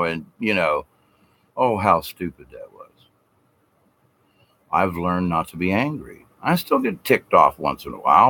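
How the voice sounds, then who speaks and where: A man's voice: lowish voice, bright, forceful tone. A middle-aged man vlogging a rambling, folksy, preachy spiritual monologue, now and then mimicking people in mocking voices.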